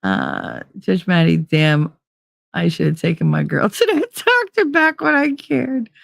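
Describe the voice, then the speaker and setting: A middle-aged woman chatting frankly with viewers on a livestream, full of swearing and quoted exchanges done in high mocking voices. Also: sing-song, a little slow, gravelly, dry recording, studio quality. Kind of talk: casual livestream chat.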